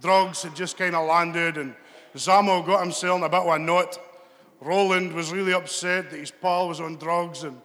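A Scottish man performs stand-up at a live venue, chatty and rambling as he teases people in the audience. His voice is on the high side, steady, fairly bright, and moderately paced, with long hall reverb in the recording.

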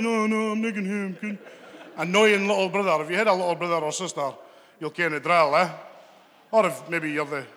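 A man's voice: high voice, fairly bright tone. A Scottish man doing a stand-up comedy set, chatty and rambling, teasing people in the crowd. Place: live venue with audience. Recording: long reverb from a hall.

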